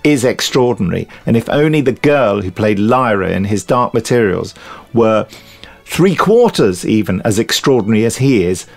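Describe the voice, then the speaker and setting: Animated man telling stories. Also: lowish voice, normal speed, vocal fry, soft background music. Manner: animated storyteller, laughs often, acts out quotes. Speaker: podcast co-host. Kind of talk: casual chat.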